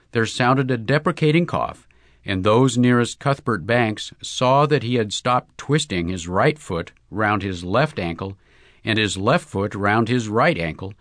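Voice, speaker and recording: A man reads a comic short story aloud with a lively, storytelling lilt. His voice is low yet swings widely in pitch, and the recording is dry and close. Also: dry recording. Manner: lively character-driven storytelling. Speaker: narrator. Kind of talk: audiobook short story reading.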